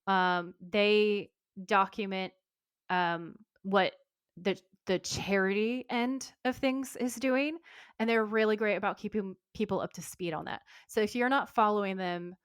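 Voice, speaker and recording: A woman co-hosting a podcast, chatting warmly and enthusiastically and reading a post aloud. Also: mid-range voice, steady tone, unhurried, smooth, dry recording, clean studio sound. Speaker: podcast co-host. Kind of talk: casual chat and reading aloud.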